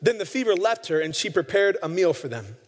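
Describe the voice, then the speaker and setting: A man's voice: high voice, very animated, fairly quick. A man preaching a sermon, retelling scripture stories and acting out the quoted lines. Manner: storytelling, acts out quoted lines. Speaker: pastor. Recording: long hall reverb.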